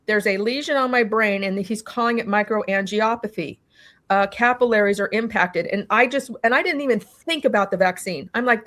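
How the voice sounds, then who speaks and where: A woman recounting her own experience in an interview, talking animatedly, acting out what people said and often restarting with "you know". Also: mid-range voice. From California. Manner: animated storytelling, acting out quoted dialogue. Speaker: interview guest. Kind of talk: personal testimony in a conversation.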